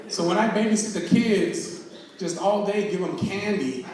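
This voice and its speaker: A man's voice: high-pitched, animated, measured pace, crowd noise. A man in his thirties performing a self-mocking stand-up comedy set, telling stories and acting out quotes. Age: 30s. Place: live comedy show in an echoey hall. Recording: roomy live hall recording from far off, audience laughter. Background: audience laughing.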